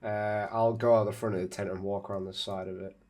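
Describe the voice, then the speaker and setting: A man playing his character in a tabletop game, hesitant and unhurried, with fillers. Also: fairly low pitch, level tone, darkish tone. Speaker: player.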